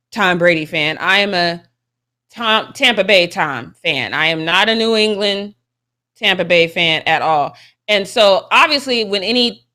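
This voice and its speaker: Bright-voiced, expressive young woman co-host. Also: mid-range voice. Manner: expressive, laughs often, emphatic. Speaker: co-host of a sports show. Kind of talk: casual live-show chat.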